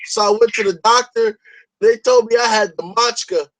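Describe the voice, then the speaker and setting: A crude, boastful young bro with a raised, high voice, loud and casual, as a podcast host puts him on. He talks like he is bragging to a buddy. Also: fairly even intonation, normal speed, poor audio. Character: crude young male bro telling a friend a story.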